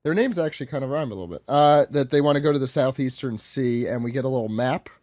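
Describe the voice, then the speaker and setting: A man's voice: mid-range voice, fast talker, darkish tone, no echo, studio quality. A man co-hosting a podcast, chatting casually and joking, tossing out offhand theories. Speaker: podcast co-host. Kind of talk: casual chat.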